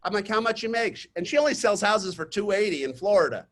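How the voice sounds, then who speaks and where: A man coaching real estate agents in a webinar, telling chatty stories to the audience and pitching his program. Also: lively intonation, quick pace, a bit bright. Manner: chatty storytelling, talks straight to the audience. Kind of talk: webinar presentation with sales pitch. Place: online webinar.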